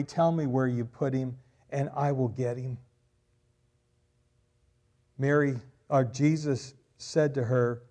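A male pastor preaching a sermon, swelling loud on key phrases and dropping quiet after them. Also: medium pitch.

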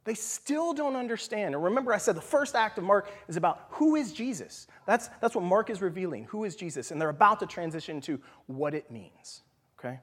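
A man teaching scripture in a relaxed, conversational way, often checking in with "right?" and sometimes dropping to a whisper for emphasis. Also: sits high, brisk, slightly rough. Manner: animated, leans on "right?" and "okay?". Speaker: Bible study teacher. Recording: long hall reverb.

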